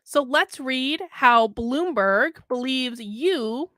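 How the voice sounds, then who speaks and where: A woman's voice: sits high, expressive, normal speed, a bit bright, dry recording, studio quality. A woman hosting a news commentary show, reading an article aloud and mocking it sarcastically.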